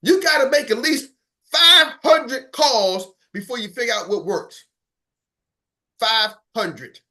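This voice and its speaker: Fired-up high-voiced male coach. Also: slow pace, bright, forceful tone. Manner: fired-up, emphatic, preachy, repeats for punch; talks straight to a live group, calls on listeners by name. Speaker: sales coach. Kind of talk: motivational team coaching talk. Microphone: online meeting.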